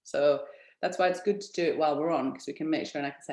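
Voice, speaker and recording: A chatty woman hosts a live webinar and pitches her business with upbeat energy, laughing often and speaking straight to her viewers. Her voice sits a little low for a woman. The room has a noticeable echo. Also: steady tone, fast, warm tone. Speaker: business founder hosting an online info session.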